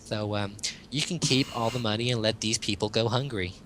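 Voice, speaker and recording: A smug rich man brushes off every worry in an airy, raised voice, as a man puts him on during a chat. His tone is breezy and dismissive. The voice sounds bright and forward. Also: fairly low pitch, fairly even intonation, a little fast, slight background noise, natural voice.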